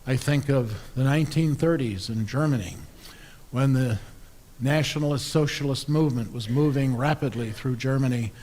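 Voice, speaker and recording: A man's voice: mid-range voice, normal speed, darkish tone, a little hiss or hum. A man, an Episcopal priest, preaching a sermon in a conversational, wry storytelling way.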